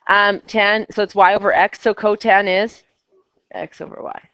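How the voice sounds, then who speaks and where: A woman's voice: mid-range voice, little pitch movement, moderate pace, a bit bright, no room sound, lo-fi sound. A woman teaching a math class, chatty and coaxing her students with questions. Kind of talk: classroom lecture.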